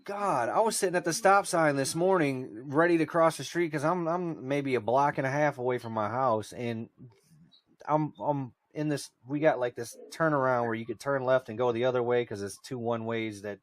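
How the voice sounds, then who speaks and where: A man's voice: medium pitch, normal speed, no echo. A man in his thirties co-hosting a podcast who tells worked-up, profane stories in casual chat. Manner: ranting, worked-up storytelling with heavy swearing. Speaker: podcast co-host.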